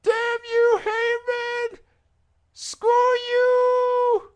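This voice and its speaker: A man doing an impression of an elderly male wrestling manager who wails desperate, high-pitched pleas for help. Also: completely flat delivery, drawn-out words, exaggerated voice. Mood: panicked.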